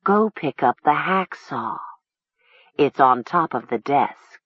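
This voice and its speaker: As an audiobook reader puts it on, a quiet, menacing voice whispers orders inside someone's head, drawn out and unhurried. It is husky and soft, heard on a dull, dry recording. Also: mid-range voice, animated, no room sound. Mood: cold commanding. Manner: slow, hushed, coaxing orders. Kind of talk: audiobook reading.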